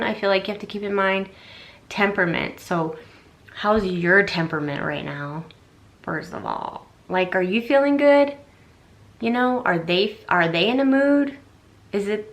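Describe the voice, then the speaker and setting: A woman's voice: lowish voice, creaky. A young adult woman giving casual relationship advice on a vlog, rambling and chatty with lots of fillers and restarts. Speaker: relationship vlogger.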